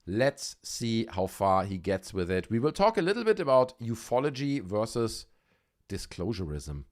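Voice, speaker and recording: A man's voice: on the low side, sing-song, normal speed. Sarcastic joking man hosting a livestream. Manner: joking, sarcastic, reads out chat messages. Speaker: livestream host. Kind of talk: casual live-stream chat. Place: warm room at home with windows open.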